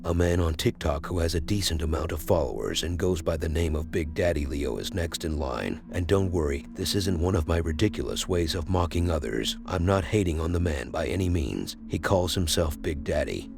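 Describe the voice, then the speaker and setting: A man's voice: sits low, animated, moderate pace, gravelly, hardly any pauses, over music. A man narrating a scripted horror compilation with wry, joking asides.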